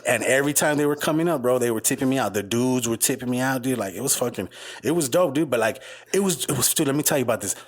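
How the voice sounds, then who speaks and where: A man co-hosting a podcast, rambling through stories with plenty of swearing. His voice sits in an ordinary mid range, and he keeps jumping into high, squeaky impressions of the people he quotes. The talk is loose and casual. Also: fast talker. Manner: profane, storytelling, imitates people in high voices. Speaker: podcast co-host. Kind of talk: casual chat.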